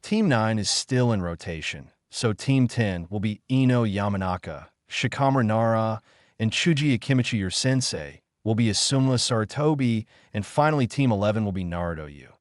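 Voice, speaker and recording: A man's voice: fairly low pitch, lively intonation, normal speed, dry recording, clean studio sound, natural voice. A man voicing a stern adult male ninja teacher announcing teams in a storybook reading. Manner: announcing, brusque.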